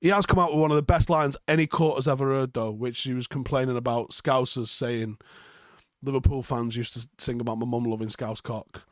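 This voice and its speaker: A man's voice: medium pitch, steady tone, a little fast, dry recording, clean studio sound. A young man, hosting a live football reaction stream, reading viewer comments and answering them bluntly with plenty of swearing and sarcasm.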